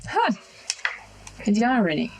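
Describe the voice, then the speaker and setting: A woman's voice: on the high side, huge pitch swings, slow pace, a little hiss or hum. A woman playing a character in a tabletop game, talking in a wry, sarcastic way. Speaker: player.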